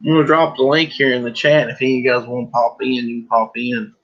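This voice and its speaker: A man hosts a casual livestream, rambling and joking as he packs books. His voice sits at a middling pitch. The stream audio is dull and lo-fi. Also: flat delivery, fast talker, fairly bright tone. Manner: joking, rambling, breaks into laughter. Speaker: livestream host. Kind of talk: casual live-stream chat.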